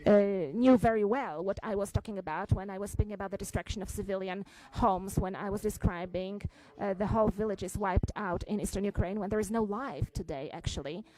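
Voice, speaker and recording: A woman delivering a formal press statement for a head of state, measured and halting, with frequent fillers between phrases. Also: mid-range voice, mellow, rough recording.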